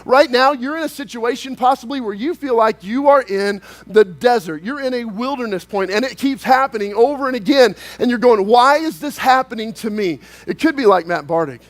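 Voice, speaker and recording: A man pastor preaching a sermon, telling a story and acting out its dialogue, sometimes slowing down hard for emphasis and then rushing ahead. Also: very high-pitched. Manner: storytelling, acts out dialogue, shifts between slow emphasis and quick bursts.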